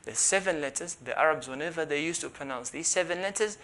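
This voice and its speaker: Patient male instructor, slightly high pitch, classroom lesson with loud spoken demonstrations. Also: fast talker, a little hiss or hum. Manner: explains patiently, repeats syllables loudly to demonstrate. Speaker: Quran recitation teacher.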